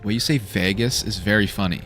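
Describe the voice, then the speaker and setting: A Canadian man giving casual, excitable commentary while streaming a video game, reacting aloud and swearing freely. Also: on the low side, brisk, soft background music.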